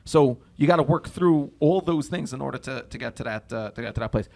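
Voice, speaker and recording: A young man hosting a casual podcast conversation, telling stories in a lively way and acting out the dialogue. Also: medium pitch, fairly quick, creaky. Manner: animated storyteller, acts out dialogue.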